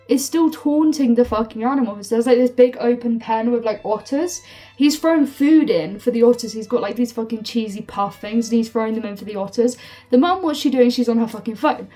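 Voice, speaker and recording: Fired-up young woman ranting, swearing freely. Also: a little high. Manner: swears freely, fills with "like", heated and animated. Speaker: storytime vlogger. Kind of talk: casual storytime rant. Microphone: phone. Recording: phone mic from a distance with faint music.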